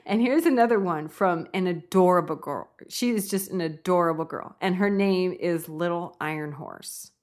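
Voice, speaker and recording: A woman's voice: on the low side, moderate pace, few pauses, darkish tone. A young woman hosting her own podcast in a bubbly, giggly way, laughing often as she talks. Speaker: podcast host. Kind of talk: upbeat solo podcast talk.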